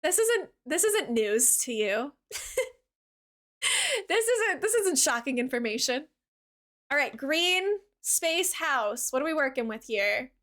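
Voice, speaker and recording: A woman streaming a cozy game, chatting in a bubbly, giggly way and gushing warmly at her chat, with lots of "like" fillers. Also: high-pitched, big pitch swings, slow pace, pauses often. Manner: warm toward chat, gushing. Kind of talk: casual live-stream chat while gaming.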